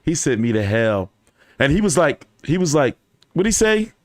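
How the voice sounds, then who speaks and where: A man hosting a boxing channel tells stories to his viewers in a loose, animated style, laughing and swearing through his anecdotes. His voice is a little high at a moderate pace, in a dry, studio-quality recording.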